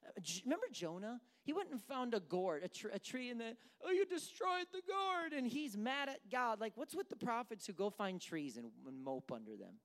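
Animated, conversational preacher. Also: mid-range voice, a little fast, hardly any pauses. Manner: animated, conversational, acts out characters. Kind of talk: sermon.

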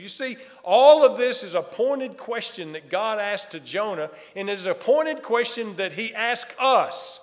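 A man's voice: sits high, lively intonation, measured pace, hardly any pauses, long reverb tail. A male pastor preaching a sermon, building emphasis through repeated rhetorical questions.

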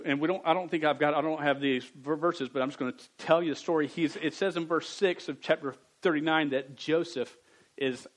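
Male preacher, a bit high-pitched, lively youth sermon delivery. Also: low-quality recording. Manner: lively, jumps from quiet reading to loud bursts; stammers on words. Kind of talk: sermon to young people.

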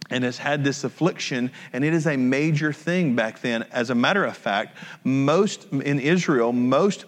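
A man preaching a sermon in a conversational storytelling way, often repeating his phrases. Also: medium pitch. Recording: long reverb of a large hall.

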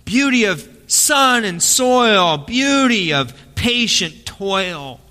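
A man playing an old baker, slow solemn delivery, tearful passion, raised pitch, lingering reverb. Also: very animated, sharp tone, heavily acted. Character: older male baker, fiercely passionate about bread.

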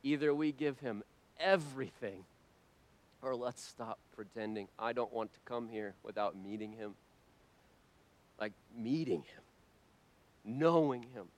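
A man preaching a sermon to his church, impassioned and swinging between hushed lines and loud ones. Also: medium pitch. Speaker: pastor.

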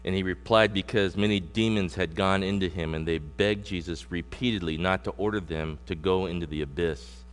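A middle-aged man preaching a sermon as pastor. He moves from loud, punchy emphasis to slow, low scripture reading. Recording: long hall reverb with mains hum.

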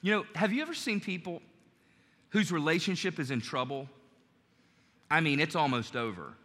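A male pastor preaches with a bright, forceful voice, a little higher than most men. He talks to the congregation in a conversational way and acts out quoted lines. His voice rings out in a church hall with long reverb. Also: animated, moderate pace. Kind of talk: sermon.

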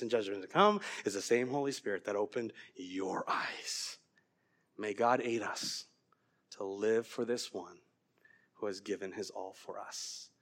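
A middle-aged man preaching a sermon as pastor, earnest and growing animated as he tells a story. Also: mid-range voice.

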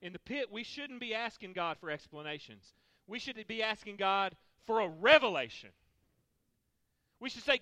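A man's voice: high voice, sing-song, normal speed, bright, forceful tone, no echo. A male pastor preaching a sermon, emphatic, repeating key lines for the congregation.

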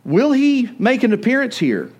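A man preaching a sermon, telling the story with animated storytelling. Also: very high voice, moderate pace. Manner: animated storytelling, acts out voices. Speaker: pastor.

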